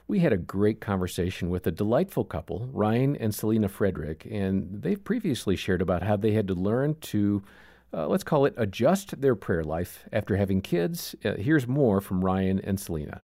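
A middle-aged man hosts a faith-based talk show with a low voice that rises and falls a great deal. He tells stories on himself in a self-deprecating, chatty way. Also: very animated, normal speed, warm tone. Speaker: radio show host. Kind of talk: casual Christian talk show chat.

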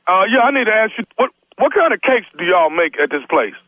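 A man's voice: high-pitched, very animated, quick pace, very noisy. A man playing an irate father who curses and rants bluntly during a prank phone call. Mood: complaining. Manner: angry, cursing, blunt. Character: irate grown man, furious father complaining to bakery. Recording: narrow tinny phone line.

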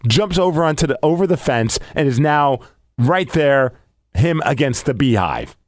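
A man co-hosting a casual podcast, telling a story with excitable, animated energy. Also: a little high, normal speed. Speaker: podcast co-host. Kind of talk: casual chat.

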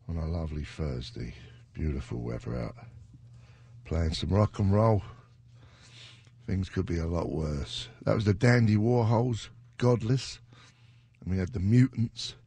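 A man hosting a music radio show with a gravelly, husky voice, rambling and chuckling between song titles in a radio studio. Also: on the low side, warm tone, no room sound. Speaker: radio DJ host. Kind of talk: casual radio chat.

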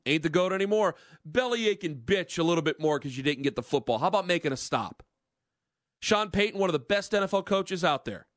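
A man's voice: high-pitched, fairly bright tone, no echo. A man hosting a sports talk radio show, ranting in an emphatic, fired-up monologue into a studio microphone.

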